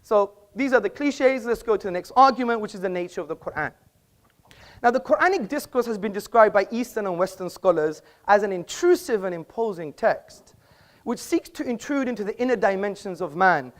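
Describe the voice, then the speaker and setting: A man's voice: high voice, lively intonation, brisk. A man speaking as a debater in a live public debate, making emphatic, rhetorical points to an audience in an auditorium.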